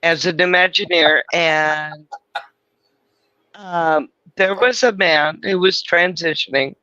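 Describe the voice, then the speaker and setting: A man's voice: fairly high pitch, takes it slowly, pushed and bright, clear, resonant tone, highs cut off. A man from California, hosting a live stream and telling rambling stories in casual banter, swearing freely. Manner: chatty storyteller, swears freely.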